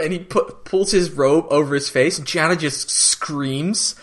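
A man co-hosting a casual podcast, reacting to the episode and now and then quoting the characters in squeaky voices. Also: normal speed, few pauses. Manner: animated, jumps to squeaky voices when quoting. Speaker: podcast co-host. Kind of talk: casual recap chat.

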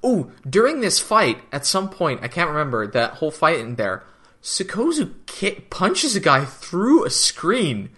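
Male co-host, bright and tense tone, easygoing analytical chat about an episode. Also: fairly high pitch, huge pitch swings, measured pace. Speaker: podcast co-host. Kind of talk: casual episode recap chat.

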